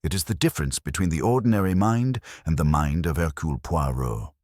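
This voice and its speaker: A man voicing a fussy, precise older detective who talks in a pompous, gently reproachful way. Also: very deep voice, lively intonation, fairly quick, dry recording, clean studio sound. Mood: lecturing.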